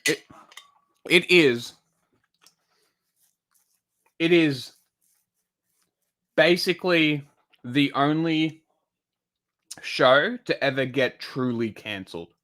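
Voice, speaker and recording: A man's voice: on the high side, drawn-out words, long pauses, pushed and bright. A man chatting casually on a live stream, rambling and swearing, with lots of restarts and fillers. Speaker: livestreamer commenting on news.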